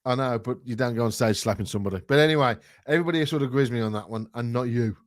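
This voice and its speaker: A man's voice: medium pitch, rapid-fire, dry recording, clean studio sound. A man co-hosting a casual chat show, blunt, dismissive and jokey. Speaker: podcast co-host.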